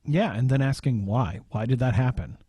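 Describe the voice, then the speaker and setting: A man's voice: mid-range voice, moderate pace, dark tone, breathy edge, no room sound. A man co-hosting a podcast, speaking hesitantly and searching for words with many ums in casual conversation. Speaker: podcast co-host.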